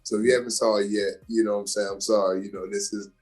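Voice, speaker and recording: A young adult man from Georgia in the US, an actor and comedian guest telling his story with animated emphasis in a casual interview. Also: fairly low pitch, fast talker, faint music behind.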